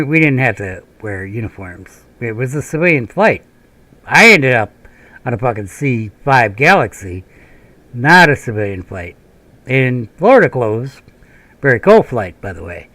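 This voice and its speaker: A man's voice: mid-range voice, a bit bright, no echo. A man from Minnesota who hosts a gaming channel, telling a long, rambling, profane story while he plays. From Minnesota, USA. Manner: profane, rambling, laughs often.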